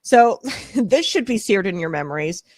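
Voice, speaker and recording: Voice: medium pitch, big pitch swings, normal speed, no room sound, studio quality. A host of a political commentary show, talking casually in a rambling, scornful way full of fillers and asides.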